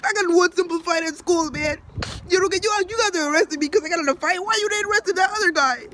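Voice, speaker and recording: Man doing a sobbing teenage boy, pleading, whiny, very high, loud, rushed. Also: a little hiss or hum. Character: sobbing panicked teenage boy under arrest.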